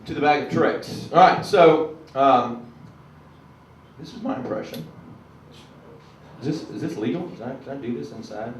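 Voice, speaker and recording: This Southern-accented comedian from South Carolina chats and jokes at his own expense onstage, sometimes erupting into booming announcer impressions. He speaks at medium pitch, expressively and at a moderate pace, with long pauses. A faraway camera catches the echoing club along with slight background noise.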